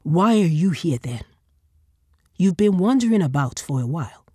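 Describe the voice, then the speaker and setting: A woman's voice: fairly low pitch, very animated, normal speed, mellow, slightly rough, dry recording, clean studio sound, pitched above the performer's own voice. A woman voicing a boastful male flesh worker who talks in a wheedling way.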